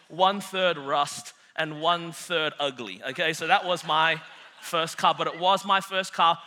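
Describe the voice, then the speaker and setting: Bright Australian pastor preaching in a hall. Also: male voice, a little high. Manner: jokey and animated, then earnest and preachy. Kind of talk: sermon. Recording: long hall reverb.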